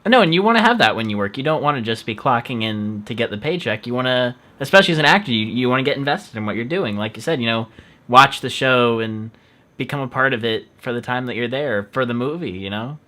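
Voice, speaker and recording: A man's voice: medium pitch, animated, quick pace, sharp tone. A man in the middle of his range hosts a casual online interview. He is friendly and talkative, reads out viewer questions and shares his own asides. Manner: friendly, chatty, laughs easily. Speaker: interview host.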